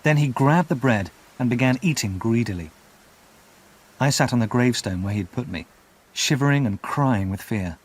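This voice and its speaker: A man giving scripted storybook narration for English learners, clear and measured. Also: medium pitch, expressive. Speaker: audiobook narrator.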